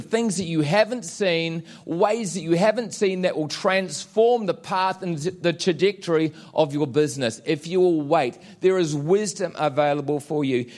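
Male pastor, emphatic sermon delivery, voice a touch high. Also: darkish tone. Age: adult with children. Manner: declarative, emphatic preaching with dramatic pauses.

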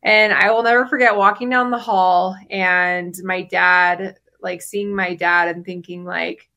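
A woman's voice: fairly low pitch, steady tone, a little slow, gravelly, few pauses, sharp tone. A woman in her thirties sharing her personal story as a podcast guest, chatty, with frequent fillers and laughs between phrases.

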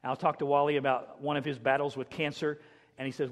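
A middle-aged man preaching a sermon, telling a personal story with emotion and dropping to a hushed voice at tender moments. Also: medium pitch, level tone, fast, in a large hall. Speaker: pastor.

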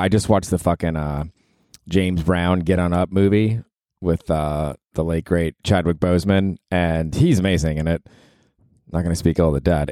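Man in his 40s, very low voice, mellow dark tone, dry close sound, profane rambling podcast host. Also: no echo. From New York. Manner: rambling, profane, self-mocking. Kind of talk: casual solo podcast monologue.

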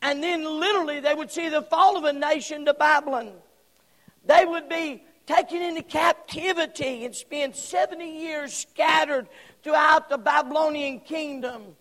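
A man preaching a fiery sermon from the pulpit, swinging between shouts and hushed tones. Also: very high voice, normal speed. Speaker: pastor. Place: church sanctuary. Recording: long church hall reverb.

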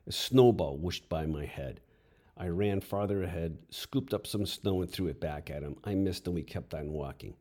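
Deep, husky male storyteller. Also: moderate pace, warm tone. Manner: wry, crude humor. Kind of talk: first-person storytelling.

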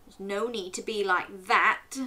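A woman's voice: medium pitch, steady tone, unhurried, bright, forceful tone. A woman voicing a hungry, polite male wolf in a children's picture book, asking nicely and patiently. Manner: polite, pleading. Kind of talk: storybook character voice.

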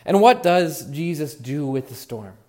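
High-voiced earnest male pastor preaching. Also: animated, unhurried, darkish tone. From Oregon. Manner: earnest, musing, varies emphasis. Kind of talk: sermon.

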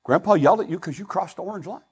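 An older man preaching a sermon as pastor, earnest and pleading, swinging between loud emphasis and hushed asides. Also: sits high, rapid-fire, slightly rough, low-quality recording.

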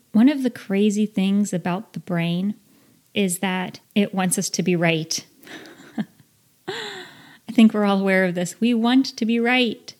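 A woman's voice: mid-range voice, darkish tone. A woman in her thirties hosting a self-help podcast, talking earnestly and with animation, laughing at herself now and then. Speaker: podcast host.

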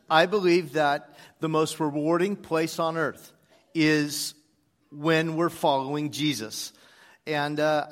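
Man, pastor, sermon, easygoing storytelling, high voice, long church reverb. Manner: relaxed storytelling with fillers. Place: church sanctuary.

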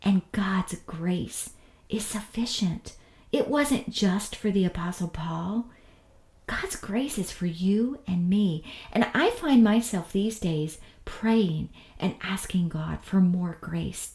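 A woman teaching a devotional Bible lesson in an earnest, gentle manner, often dropping to a soft hush. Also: lowish voice, slow pace, reverberant. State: tearful.

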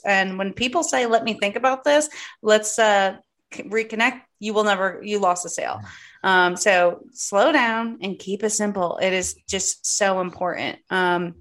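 A woman's voice: mid-range voice, moderate pace, a bit bright. Woman podcast host with a mid-range voice, chatty and emphatic, candid and informal. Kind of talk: casual chat.

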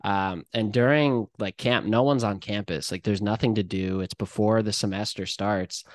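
A man's voice: fairly low pitch, normal speed, dry recording, clean studio sound. A young adult man co-hosting a podcast, chatting casually and thinking back on his college days, with lots of "like" and "um" fillers. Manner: relaxed and reflective, with many "like" and "um" fillers. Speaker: podcast co-host. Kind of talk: casual chat.

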